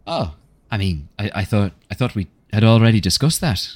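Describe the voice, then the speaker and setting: A man's voice: lowish voice, expressive, moderate pace, darkish tone. A man putting on a sly chummy tiefling innkeeper. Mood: innocent. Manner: chummy, wheedling, casual slang.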